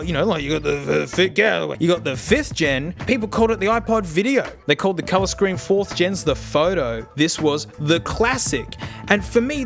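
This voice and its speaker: A young Australian man vlogging about gadgets, joking and excitable, swinging between loud outbursts and muttered asides. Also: sits high. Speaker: tech vlogger. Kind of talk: casual chat.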